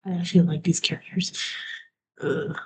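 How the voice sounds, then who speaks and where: Soft-spoken, mellow-voiced woman streamer. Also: deep voice, fairly even intonation, normal speed, a little hiss or hum, low-quality recording. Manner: soft, half-whispered, trailing off. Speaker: live streamer. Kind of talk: rambling live-stream narration.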